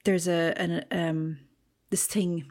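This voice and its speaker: A woman's voice: lowish voice, flat delivery, takes it slowly, darkish tone. A woman co-hosting a casual chat, joking and hesitant, with many fillers.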